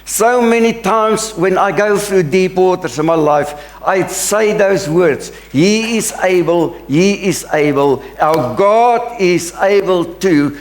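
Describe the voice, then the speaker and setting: Male pastor preaching, high voice that swings a lot, slow and emphatic. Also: echoey room. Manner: earnest, emphatic preaching with drawn-out phrases. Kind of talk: sermon. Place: church sanctuary.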